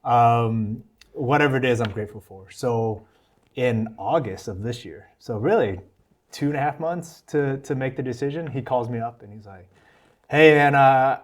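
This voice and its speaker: An American man, guesting on a podcast, tells his testimony with earnest, animated energy, acting out the people he quotes. His pitch is medium and his speed normal, and the tone stays casual.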